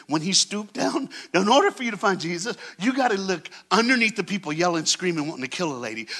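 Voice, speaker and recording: A man preaching as a guest speaker in a church, telling a story dramatically and calling on the congregation to answer back. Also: sits high. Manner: dramatic storytelling, swings from hushed to shouting; call-and-response with the crowd. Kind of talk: sermon. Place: church stage.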